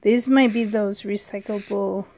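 A woman vlogging casually from a dim room at home, chatty and excitable, sometimes dropping to a whisper, filmed on a handheld camera. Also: medium pitch, measured pace, gravelly, a little hiss or hum. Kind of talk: casual vlog chat.

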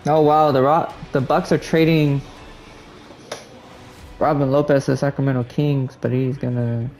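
A man's voice: medium pitch, flat delivery, unhurried, a little mellow, soft background music. A man chatting casually and swearing freely as he plays and reacts to a hockey video game. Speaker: gaming streamer. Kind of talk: casual gameplay commentary.

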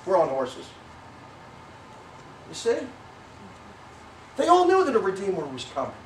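A middle-aged pastor preaches a sermon in a church sanctuary, rambling and correcting himself with plenty of fillers. His voice sits high with huge pitch swings and a measured pace. A distant mic gives roomy church sound, with slight background noise.

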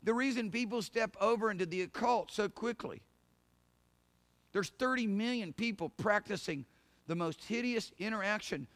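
Middle-aged pastor guy preaching, emphatic and chatty, voice sits a bit high. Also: moderate pace, a bit bright, dry recording. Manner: emphatic, conversational preaching with laughs and asides. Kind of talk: sermon.

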